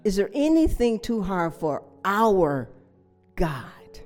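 A woman's voice: mid-range voice, big pitch swings, slow, darkish tone, soft background music. A woman preaching a sermon with emphatic repetition, stressing key words and adding frequent amens and hallelujahs.

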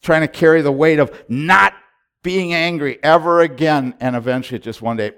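A middle-aged man preaching a sermon as a pastor, retelling his prayers and moving between hushed and loud delivery, often repeating and restarting his words. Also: on the high side, moderate pace, clear, resonant tone. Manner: repetitive restarts and stammers when excited. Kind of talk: sermon storytelling.

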